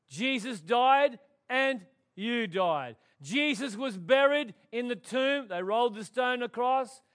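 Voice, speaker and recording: A man preaching a sermon, swinging from loud emphatic declarations to hushed, quiet tones. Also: sits high. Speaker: pastor.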